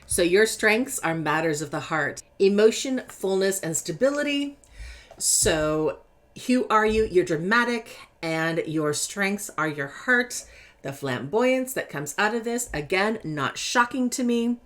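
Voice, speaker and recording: A woman's voice: medium pitch, unhurried. A woman from California with a Californian accent, chatting casually as she reads tarot cards. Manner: lively, chatty, laughs easily, animated emphasis. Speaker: tarot reader. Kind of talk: casual tarot deck interview reading.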